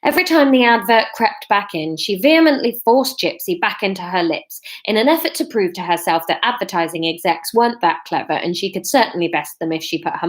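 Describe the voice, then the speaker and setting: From her living room, a woman in her thirties live-streams a reading of her own novel. Her voice sits at a medium pitch, and she's self-mocking, quick to laugh at herself.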